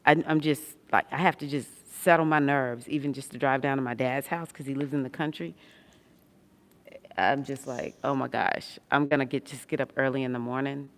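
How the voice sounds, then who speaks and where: Gravelly woman chatting to her stream, kinda tired, laughing here and there. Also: very deep voice, fairly even intonation, a little fast. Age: adult with a son. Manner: chatty, tired, warm with viewers, laughs often. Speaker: astrology livestream host. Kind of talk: casual livestream chat reading comments. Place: hospital room.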